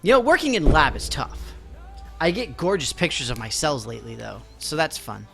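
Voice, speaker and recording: A man's voice: fairly high pitch, very animated, normal speed, vocal fry, fairly bright tone. A young man chatting casually to his viewers while playing a game live, joking about himself and his busy day. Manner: chatty, self-mocking, talks to chat while playing. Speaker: game streamer. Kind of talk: casual live-stream chat. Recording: game music playing faintly behind.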